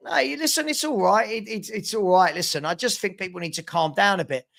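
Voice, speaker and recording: A man's voice: high voice, fairly quick, creaky, a bit bright. A man from South London with a London accent, hosting a live football transfer show and bluntly telling off commenters in a repetitive, casual way.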